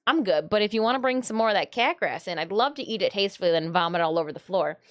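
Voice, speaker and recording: A woman voicing her lazy male house cat in a lower, drawling voice. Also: lively intonation, quick pace, a bit bright, dry recording, studio quality, close to an everyday voice. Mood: smug.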